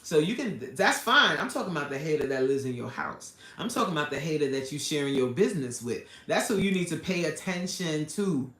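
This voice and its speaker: A bright, forward-sounding woman with an East Coast accent talks like a coach hosting a live stream. She reads viewers' comments aloud, laughs easily and throws in an emphatic "amen." The room gives her voice a noticeable echo. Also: sits low, fairly quick, hardly any pauses. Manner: expressive, laughs often, preacher-like "amen". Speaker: life coach. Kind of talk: casual live-stream chat reading comments.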